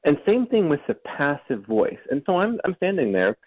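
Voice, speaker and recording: A man's voice: a little high, very animated, moderate pace, husky. Male guest over a tinny line. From Ohio. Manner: storytelling, with frequent restarts and mocking mimicry. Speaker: author and guest. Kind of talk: remote interview storytelling. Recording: tinny phone-like remote line.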